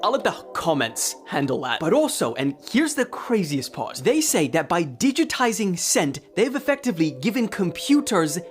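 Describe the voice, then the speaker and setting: A woman narrating a science news explainer with excitement and emphasis, dropping low for asides. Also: normal speed, hardly any pauses, soft background music.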